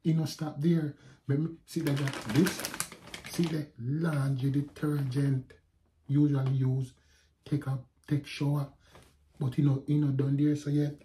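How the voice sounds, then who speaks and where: A man with a Jamaican accent, telling a personal story to his viewers in a lively vlog, often calling out to them. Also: a little high, measured pace, slight background noise. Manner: animated, addresses viewers as guys. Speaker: vlogger. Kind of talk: casual storytelling to camera.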